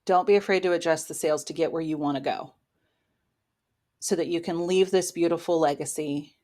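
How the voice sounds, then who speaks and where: A woman's voice: low voice, steady tone, normal speed, warm tone. Encouraging woman giving a tarot reading. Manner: encouraging, motivational. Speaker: tarot reader and spiritual coach. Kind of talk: casual weekly tarot reading. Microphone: own microphone.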